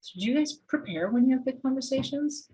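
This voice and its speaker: A woman's voice: high-pitched, animated, a little fast, dark tone, poor audio. A woman psychologist leading a workshop, talking directly to participants and coaching them. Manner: direct, coaching, asks the audience questions. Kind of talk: interactive workshop teaching.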